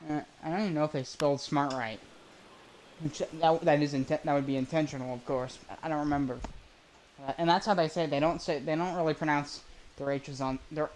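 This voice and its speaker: A man's voice: fairly high pitch, slight background noise, rough recording. A man streaming a baseball video game, calling the plays in a casual, rambling way with chatty asides and self-corrections.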